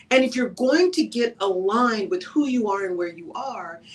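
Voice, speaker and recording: A woman hosting a live talk radio show, talking on her own in a conversational, animated way and often checking in with "right?". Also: a little high, recorded from a distance, rough recording. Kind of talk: solo talk radio monologue.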